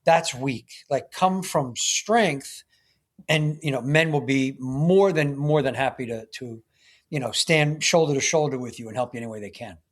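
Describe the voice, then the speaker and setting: A man's voice: medium pitch, normal speed. A man, a guest on a podcast interview, speaking earnestly and emphatically as a men's coach, often checking in with "right?".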